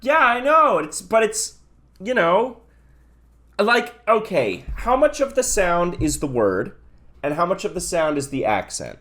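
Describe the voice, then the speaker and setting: A man co-hosts a casual podcast chat, his voice a touch high and swinging widely in pitch. He argues back and forth with his co-host and laughs often. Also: measured pace. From Canada. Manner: lively, argumentative, laughs often.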